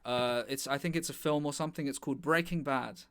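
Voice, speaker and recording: A man's voice: mid-range voice, fairly quick, a bit bright, clear, resonant tone. A man improvising a pompous, self-important acting coach on a live stream. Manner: mock-authoritative, self-important. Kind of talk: improvised comedy bit. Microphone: webcam mic on a live stream.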